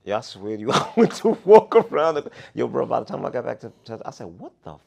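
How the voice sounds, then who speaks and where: A man co-hosting a podcast, an animated storyteller who swings between mutters and loud outbursts in casual chat. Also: medium pitch, fast talker, gravelly. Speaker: podcast co-host.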